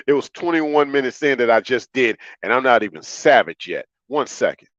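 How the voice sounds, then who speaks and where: A man's voice: medium pitch, lively intonation, moderate pace, fairly bright tone, no room sound, highs cut off. A man hosting a livestream monologue, talking in an emphatic, repetitive, preachy way. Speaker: livestream host.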